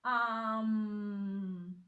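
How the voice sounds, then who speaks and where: Slow, patient woman teaching a lesson. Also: medium pitch, steady tone, sharp tone, dull audio. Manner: patient, many fillers and self-corrections. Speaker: language teacher. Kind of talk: slow, hesitant online lesson explanation.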